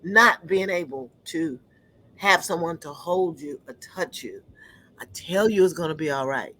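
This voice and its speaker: A woman giving an earnest personal testimony, often pausing to search for words. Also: low-pitched, expressive, a bit bright, slight background noise, rough recording.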